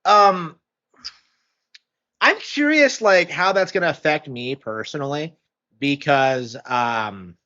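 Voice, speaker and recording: A man with a somewhat high voice rambles in casual commentary, hesitating and restarting often. The sound is muffled and lo-fi. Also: expressive, slow, pauses often, bright, forceful tone. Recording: muffled lo-fi audio.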